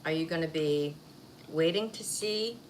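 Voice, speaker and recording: A woman's voice: low voice, measured pace, low-quality recording. A woman vlogger chatting casually while eating on camera, rambling and laughing easily. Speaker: mukbang vlogger. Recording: faint background noise.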